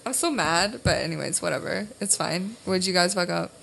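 Animated, casual woman podcast host. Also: fairly low pitch, fairly quick, creaky, slight background noise.

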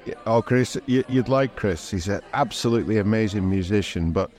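Guy cohosting a podcast, lowish voice, rambles and chuckles, lots of ums. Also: a little fast, darkish tone. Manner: rambling, chuckling, many fillers and restarts. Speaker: podcast co-host. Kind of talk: casual chat.

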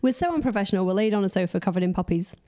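A woman trades quick, jokey banter as a podcast co-host. She chats casually from a sofa at home and keeps the tone light and fast-moving. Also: medium pitch, animated, warm tone. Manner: chatty, jokey, quick-talking. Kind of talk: casual chat.

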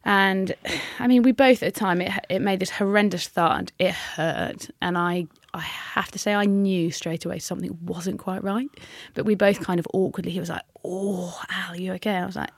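A woman, a hockey player telling her story candidly in an interview, with frequent halting restarts. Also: mid-range voice, steady tone, gravelly, dry recording, clean studio sound.

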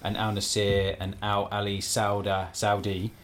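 A man on a casual football podcast, reading out results as a halting list and stumbling over team names. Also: lowish voice, monotone, a little hiss or hum. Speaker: podcast co-host.

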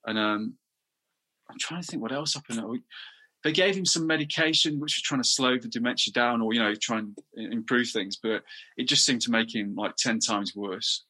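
A middle-aged man from England, sharp-toned with a mid-range voice, answers as an interview guest in a candid manner, often faltering, restarting, and repeating words.

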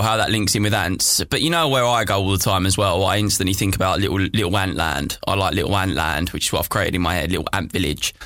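A man's voice: fairly low pitch, pushed and bright, no room sound, clean studio sound. A man co-hosting a podcast, bantering casually in a jokey, teasing way. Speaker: podcast co-host.

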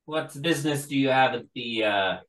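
A man's voice: mid-range voice, moderate pace, fairly bright tone, distant mic, lightly acted, rough recording. A man voicing a male city guard at a keep gate, who speaks with hesitant, stammering formality. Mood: wary.

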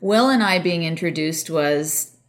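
A woman's voice: sits low, measured pace. A woman guest in a casual chat, telling a story with enthusiasm.

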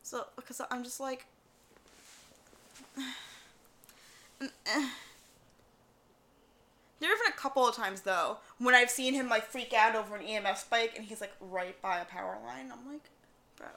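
Pausing often and speaking in an unhurried way, a woman with a slightly high voice co-hosts a podcast. In the casual conversation she tells animated stories, putting on voices to quote what others said.

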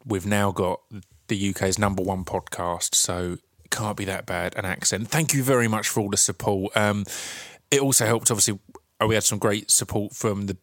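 Low-voiced Essex man hosting a podcast. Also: fairly even intonation, normal speed, fairly bright tone, no echo, studio quality. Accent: Essex English. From Essex, England. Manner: chatty and rambling, with many fillers and restarts. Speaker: podcast host. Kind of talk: casual solo podcast intro.

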